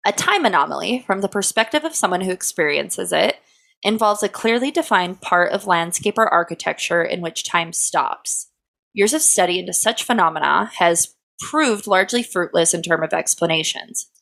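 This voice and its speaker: A woman's voice: on the low side, vocal fry, fairly bright tone. A young woman co-hosting a casual podcast, reading out notes and teasing her co-host, laughing often.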